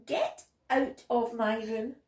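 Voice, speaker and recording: A woman voicing a cross little girl who shouts stubborn refusals in a storybook reading. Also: fairly high pitch, steady tone, slow, reverberant, recorded from a distance. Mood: shouting.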